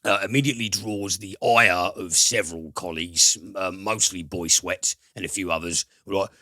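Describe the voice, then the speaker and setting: A man hosting a podcast, retelling a film plot in a casual, halting way full of fillers, with the odd swear word. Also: deep voice, steady tone, bright, forceful tone, dry recording. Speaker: podcast host, film reviewer. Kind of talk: casual film review chat.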